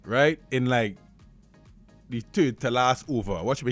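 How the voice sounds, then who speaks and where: A man with a Trinidadian accent, hosting a radio show with casual chat and live ad reads, animated and excitable. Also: medium pitch, a little slow, pauses often, faint music behind. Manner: animated, excitable, slips into dialect rants. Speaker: radio host.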